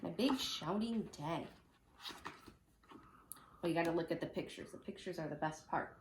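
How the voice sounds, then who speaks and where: A woman teacher reading a picture book aloud at home, with lively, chatty asides for children. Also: fairly low pitch, moderate pace, roomy sound, background noise. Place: home room.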